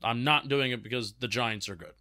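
A man's voice: mid-range voice, brisk, bright, forceful tone, no room sound, studio quality. A man in his twenties co-hosting a football fan show, chatting casually with many restarts as he reads out listener questions. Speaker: sports podcast co-host. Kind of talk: casual chat.

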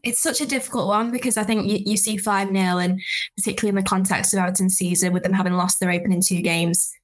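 A woman football journalist on a podcast panel, talking through her analysis quickly and thinking aloud. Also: mid-range voice, fairly even intonation. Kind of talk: casual chat.

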